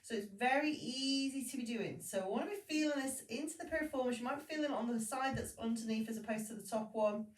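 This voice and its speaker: A woman leading a Pilates class, giving calm, steady cues and counting through each exercise. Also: a little high, quick pace, hardly any pauses. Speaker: Pilates instructor. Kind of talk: guided exercise class instruction. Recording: echoey room, voice from a distance.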